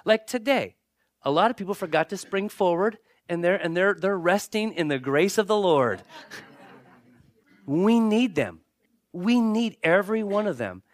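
A pastor delivering a sermon in a conversational way, with joking asides and repeated, restarted phrases. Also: male voice, high-pitched, lively intonation, a little slow.

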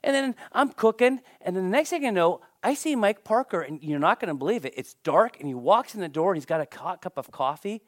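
A man preaching a sermon, telling a personal story in an animated, emphatic way. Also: high voice, fairly quick, few pauses, no echo, studio quality.

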